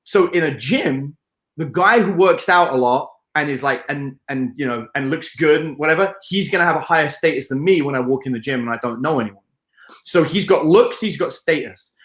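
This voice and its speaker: A British man, a dating coach, telling stories in a lively interview with a playful, swearing manner, acting out scenes. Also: a little fast, roomy sound. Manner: playful, swearing, acts out scenes in high put-on voices. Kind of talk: animated interview storytelling.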